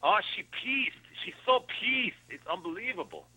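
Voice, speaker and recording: Man playing a brash rambling addict, bright. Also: sits high, lively intonation, normal speed, breathy edge, exaggerated voice, low-quality recording. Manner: slips into an Italian-style accent. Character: rambling drug-addicted man, wife after alimony. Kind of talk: comedy radio bit.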